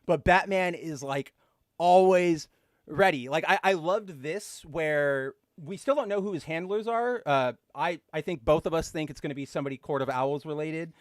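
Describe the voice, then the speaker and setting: Excitable guy gushing on a podcast, kinda high voice, dead dry sound. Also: moderate pace, no echo. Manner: excitable, filler-heavy, gushing. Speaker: podcast co-host. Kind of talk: casual comic book chat.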